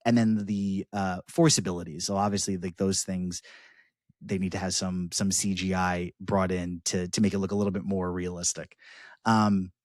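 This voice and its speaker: Low-voiced man rambling through a film review. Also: flat delivery, normal speed, no room sound, studio quality. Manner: rambling, many fillers and restarts. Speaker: podcast co-host. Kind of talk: casual film review chat.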